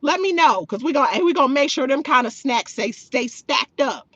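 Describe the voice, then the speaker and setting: Sassy lady streamer, real high bright voice, super dry sound. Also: a little fast, no room sound, highs cut off. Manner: sassy, mocking and animated. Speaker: livestream host. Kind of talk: livestream chat reacting to viewers.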